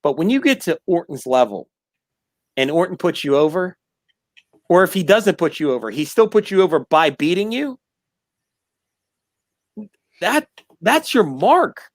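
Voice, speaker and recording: A man hosting a sports talk show, arguing his point in an insistent, animated way. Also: fairly high pitch, unhurried, long pauses, dry recording, studio quality. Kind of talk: casual debate.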